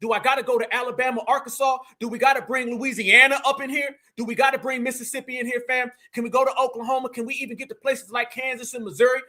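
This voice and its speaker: A man's voice: very high-pitched, flat delivery, fast talker, hardly any pauses, sharp tone. A young man with a Southern US accent, giving brash, mocking reaction commentary full of profanity.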